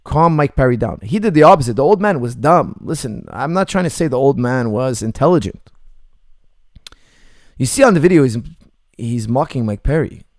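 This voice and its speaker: A man's voice: medium pitch, expressive, normal speed, a little mellow, no echo, clean studio sound. A male martial arts coach hosting a casual livestream Q&A, reading out chat messages and answering them bluntly with jokes and frequent laughter. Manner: blunt, joking, laughs often.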